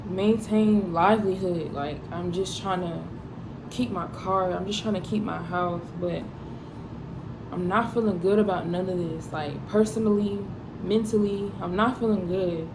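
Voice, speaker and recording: Young woman, vlogger, gravelly voice, emotional confessional rambling, noisy recording. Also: on the low side, steady tone, measured pace. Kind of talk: candid personal talk to camera.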